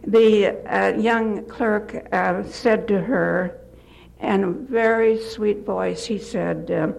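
An older retired woman giving a gentle devotional talk, telling stories with occasional slips and restarts. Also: medium pitch, fairly even intonation, takes it slowly, creaky, poor audio. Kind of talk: folksy devotional talk with anecdotes.

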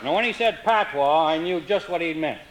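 A man telling comic stories in a dry, wry, deadpan way. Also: on the high side, moderate pace, heavy background noise. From Canada. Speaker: humorist. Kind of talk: comic storytelling.

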